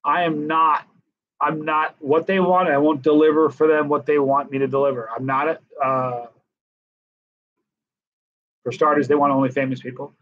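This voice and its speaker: A middle-aged man hosts a live stream, speaking in a somewhat high voice. He tells loose anecdotes, restarts sentences and acts out what others said. The sound is muffled and lo-fi, as if from a basic live feed. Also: little pitch movement, normal speed, pauses often. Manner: rambling anecdotes with restarts and quoted dialogue. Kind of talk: casual storytelling to live viewers.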